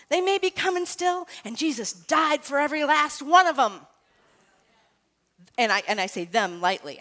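A woman giving a devotional Bible teaching talk in a conversational, animated way, moving from soft scripture reading to loud emphatic asides. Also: a little high. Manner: conversational, self-correcting.

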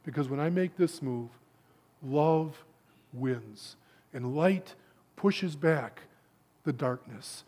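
This man's voice is notably high as he preaches slowly to a gathering of men, leaving long pauses. His stories come in rushes of stammered repeats before he drops to a hushed, low voice on the words that matter most.

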